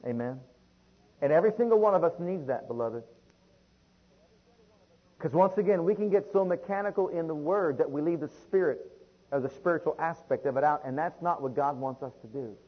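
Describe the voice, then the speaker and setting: A man's voice: on the high side, a little fast, long pauses, breathy edge, highs cut off. A man preaching a sermon, reading long scripture passages aloud and calling out to his listeners. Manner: reads scripture in King James wording, calls listeners beloved.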